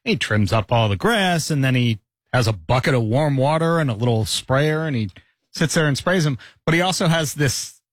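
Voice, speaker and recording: A man's voice: mid-range voice, animated, moderate pace, no echo. Guy on a morning show telling a story, laughs a lot, dry close sound. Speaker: radio show host. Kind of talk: casual morning show banter.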